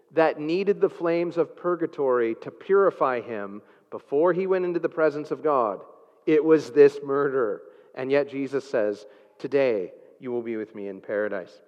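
A man preaching a sermon, earnest and emphatic, with frequent filler sounds. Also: a little high. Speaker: pastor. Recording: dull sound with long hall reverb.

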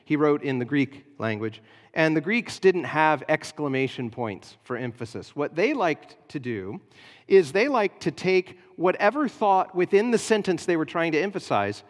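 A pastor preaching a sermon, explaining a passage in an earnest teaching manner with frequent hesitations. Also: male voice, on the high side, very animated, normal speed, big-room sound.

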